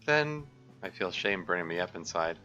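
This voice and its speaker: A man reading his own visual novel aloud in a low, subdued first-person narration. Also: fast talker, bright, forceful tone. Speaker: mod developer reading his game. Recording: dull lo-fi sound, faint music.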